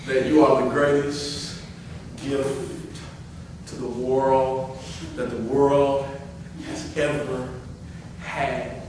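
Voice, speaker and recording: Male pastor, middle-aged, high-pitched sermon delivery from quiet to loud playful scolding; very echoey church, faint hiss. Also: level tone, very slow. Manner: swings from hushed talk to loud, playful scolding. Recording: very echoey hall, far-off mic, faint hiss.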